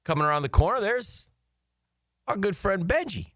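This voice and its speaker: A man co-hosting a sports radio show, telling a story in a lively, animated way with a studio mic. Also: high-pitched, moderate pace, dry recording. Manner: animated storyteller acting out neighbors' voices. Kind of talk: casual storytelling chat.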